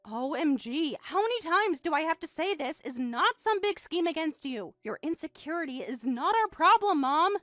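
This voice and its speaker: A woman's voice: high voice, expressive, normal speed, hardly any pauses, a bit bright, no room sound, soft background music. A synthetic female text-to-speech voice reading a bratty, dismissive teenage daughter in a text-message story.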